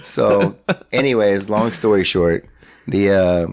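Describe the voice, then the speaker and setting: Speaking slowly in a lowish, gravelly, darkish voice, a middle-aged podcast guest from San Antonio, Texas, spins a long, rambling story from a hotel room. He uses plenty of fillers and restarts and acts out dialogue in casual chat. The recording is dry and of studio quality.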